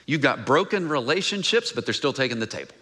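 Male pastor, bright tone, conversational sermon delivery, reads scripture low and quiet. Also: big pitch swings, fast. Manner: conversational, asks the congregation questions.

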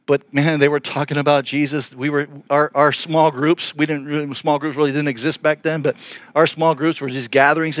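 Middle-aged man pastor, earnest sermon storyteller, slightly high voice, dry close sound. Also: dry recording. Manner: earnest, animated storytelling with restarts.

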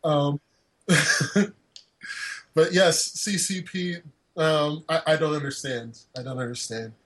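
A man's voice: on the high side, steady tone, slow pace, a bit bright, low-quality recording. A man hosting a podcast in casual chat, rambling and jokey with lots of fillers. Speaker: podcast host.

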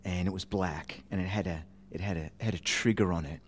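Man, preacher, storytelling sermon, chatty, self-mocking, animated, lowish voice. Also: brisk, slight background noise.

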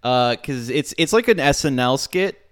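A man co-hosting a podcast, recapping a movie plot in a relaxed, wry way. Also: mid-range voice, normal speed. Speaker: podcast co-host. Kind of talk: casual movie review chat.

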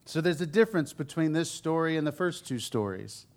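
A man delivers a sermon in a slightly raised voice. He talks like he is chatting, full of frank, honest asides. He swings from loud, pressing emphasis to quiet, low remarks. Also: lively intonation, fairly quick. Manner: candid, conversational storytelling with frank asides. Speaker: preacher.

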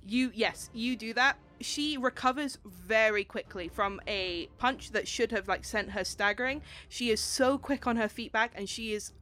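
Casual woman game master, higher voice. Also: normal speed, hardly any pauses. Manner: casual, animated, swears and laughs. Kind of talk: narrating a tabletop game.

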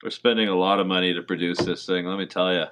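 A man's voice: sits low, steady tone, quick pace, background noise. A man co-hosting a podcast, teasing his friends in casual banter. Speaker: podcast co-host.

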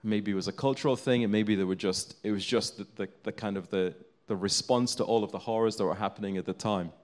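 This low-voiced male preacher speaks quickly and a bit mellowly, narrating a story to his flock with sincere, steadily rising intensity.

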